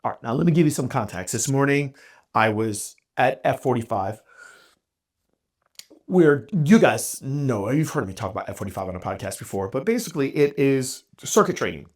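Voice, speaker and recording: A man's voice: medium pitch, animated, moderate pace, a little mellow. Male podcast host with a mid-range voice and plenty of swing, candid and self-deprecating. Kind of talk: casual storytelling monologue.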